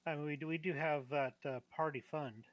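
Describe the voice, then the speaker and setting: A man's voice: on the high side, fairly even intonation, brisk, background noise. A man playing a tabletop game, chatting casually and often repeating words as he stumbles.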